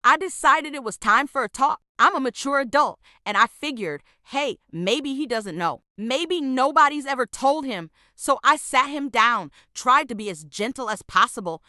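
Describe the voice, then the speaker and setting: A woman's voice: sits high, lively intonation, moderate pace, few pauses, pushed and bright, dry recording, clean studio sound. A woman reading out a scripted storytime in an exasperated, sarcastic way. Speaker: storytime narrator.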